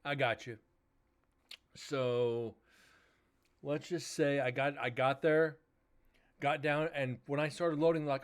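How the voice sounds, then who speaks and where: A man's voice: fairly high pitch, fairly even intonation, takes it slowly, pauses often, clean tone. Tired man, livestream host, rambling, swearing, lots of uh's. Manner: rambling, swears, retells arguments with filler words. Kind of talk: casual chat to stream viewers.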